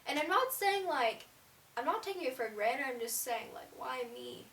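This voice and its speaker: A high-voiced teenage girl chats through a rambling story for her vlog, sprinkling "like" everywhere. She sits back from the mic in a room with plenty of echo. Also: expressive, moderate pace, a bit bright, recorded from a distance. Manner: chatty, rambling, fillers of "like". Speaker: vlogger. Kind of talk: casual storytelling. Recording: roomy, away from the mic.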